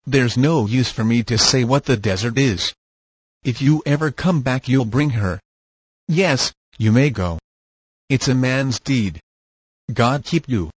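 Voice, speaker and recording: A man voicing a grave, kindly old male carpenter, solemn and measured, with a husky voice. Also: medium pitch, expressive, dry recording.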